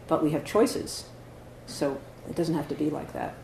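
A man's voice: on the high side, moderate pace, gravelly, darkish tone. A man, a Zen teacher, giving a dharma talk in a conversational way, often asking "right?" and "you know". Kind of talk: dharma talk answering questions. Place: meditation hall. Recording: echoey hall, faint noise.

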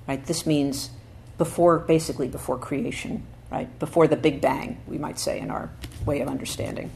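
A woman Zen teacher giving a dharma talk at a practice center. She speaks thoughtfully, reads quotations slowly and with emphasis, and often checks in with her listeners. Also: a bass voice, vocal fry, dark tone, a little hiss or hum.

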